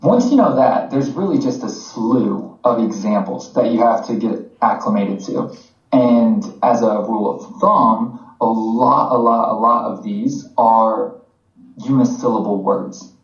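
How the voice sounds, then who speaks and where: An American man co-hosting a podcast, explaining things in a relaxed, conversational way. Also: on the low side, a little slow. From United States. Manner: relaxed, conversational teaching with fillers. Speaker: podcast co-host. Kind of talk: casual explanatory chat. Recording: roomy, slightly dull podcast audio.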